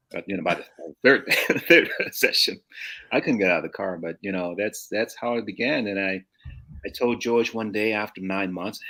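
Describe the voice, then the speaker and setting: A man in his sixties from St. Louis tells anecdotes in a fairly low voice. He wanders, restarts his sentences and chuckles as he goes. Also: a bit bright. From St. Louis, USA. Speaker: guest. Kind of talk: casual storytelling.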